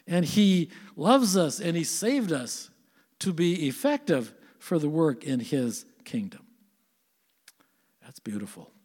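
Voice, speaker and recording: A man's voice: sits high, darkish tone, long reverb tail. An older man preaching a sermon as pastor, earnest and conversational, asking his listeners questions.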